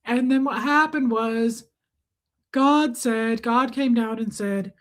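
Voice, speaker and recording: Playful high-voiced woman streamer. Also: slow pace. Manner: playful rambling storyteller, swears freely. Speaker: livestream host. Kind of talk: casual streaming chat.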